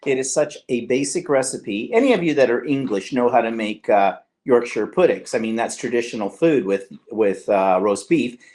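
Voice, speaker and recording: A man's voice: mid-range voice, expressive, normal speed, few pauses, a little mellow. Canadian male vlog host, middle-aged, rambling, teasing chat, mid-range voice. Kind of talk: live-stream chat.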